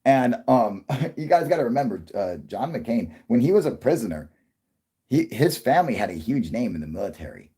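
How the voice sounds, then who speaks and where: A man's voice: mid-range voice, very animated, moderate pace, warm tone, slightly rough. A man vlogging to camera in a casual, profane, rambling rant, telling stories with lots of laughs and swearing.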